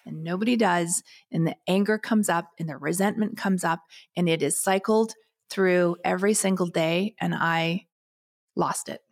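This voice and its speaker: A woman's voice: on the low side, normal speed. A middle-aged woman co-hosting a podcast, speaking frankly and emotionally, close to tears. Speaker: podcast co-host. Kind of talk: casual podcast chat.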